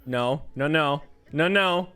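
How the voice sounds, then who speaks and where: A man streaming a video game, swearing, yelling at the game and laughing in bursts of frantic protest. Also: a little high, slow pace, clean tone. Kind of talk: live-streamed gameplay commentary.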